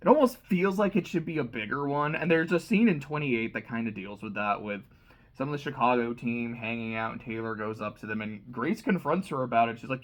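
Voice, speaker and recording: A young man chatting casually about a book, retelling scenes in a loose, animated way with plenty of swearing and fillers. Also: mid-range voice, fairly quick. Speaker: book reviewer. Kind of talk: casual chat.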